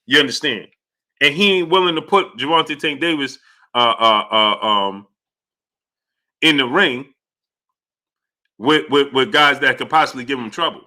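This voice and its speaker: A man's voice: medium pitch, lively intonation, moderate pace, long pauses, bright, forceful tone. A man hosting a live boxing talk stream, talking emphatically with repeated fillers and frequent "you understand?". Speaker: sports talk show host.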